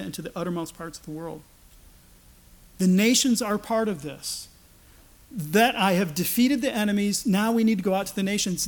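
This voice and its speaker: A man delivers a sermon in a notably high voice. He preaches with animation, slipping into the voices of the people he quotes. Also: a little mellow.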